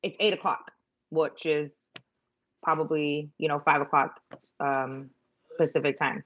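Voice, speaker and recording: A woman's voice: low-pitched, steady tone, a little slow, fairly bright tone, muffled recording. A middle-aged woman rambling through a story on a live stream, chatty and self-mocking, with lots of fillers. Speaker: vlogger telling a story.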